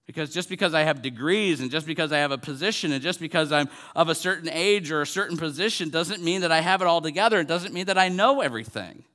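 A man's voice: fairly high pitch, animated, fast, few pauses, sharp tone. A man in his forties, a pastor, preaching a sermon in an earnest way, repeating phrases and building to emphatic peaks. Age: 40s.

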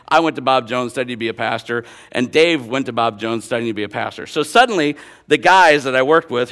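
A man's voice: medium pitch, fairly bright tone. Man preaching through a personal story. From Northern Illinois. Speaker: pastor.

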